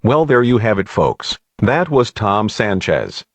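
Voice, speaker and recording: A man playing a radio news host, asking calm, measured questions in an amateur audio drama. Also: on the low side, dry recording. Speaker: radio interviewer.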